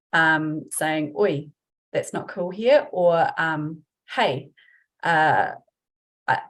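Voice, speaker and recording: A woman giving a webinar talk as a workplace trainer, chatty and informal, acting out example phrases. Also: low-pitched. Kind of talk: webinar presentation.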